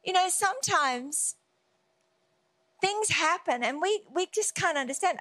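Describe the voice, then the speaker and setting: A woman's voice: sits high, animated, normal speed, a bit bright, dry recording. A woman giving a devotional Bible teaching, earnest and emphatic, often repeating key words. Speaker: preacher.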